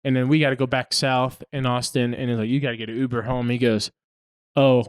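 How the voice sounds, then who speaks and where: A man's voice: medium pitch, brisk, smooth. A young man casually telling a funny story as a podcast co-host, laughing often and acting out what people said. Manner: animated, laughing, acts out quotes.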